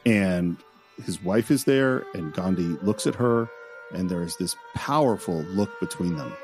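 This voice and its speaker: A man co-hosting a podcast in a casual film discussion, who retells scenes in an animated way. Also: deep voice, measured pace, over music. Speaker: podcast co-host.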